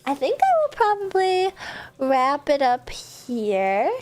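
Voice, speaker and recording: A woman streamer chatting casually and rambling at the end of a gaming stream, sleepy and a little hoarse. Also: sits high, big pitch swings, slow pace, darkish tone. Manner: chatty, rambling, self-deprecating. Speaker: video game streamer. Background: faint background music.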